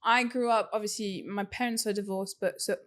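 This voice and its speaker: A woman's voice: medium pitch, fairly even intonation, fairly quick, fairly bright tone. A woman hosting a podcast in casual conversation, speaking openly and thoughtfully. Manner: open and personal, thoughtful. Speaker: podcast host.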